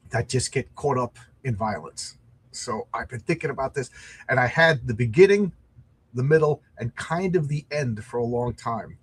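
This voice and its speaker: Husky, rambling man chatting casually. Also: mid-range voice. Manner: chatty, rambling, self-deprecating. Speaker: comic podcast host.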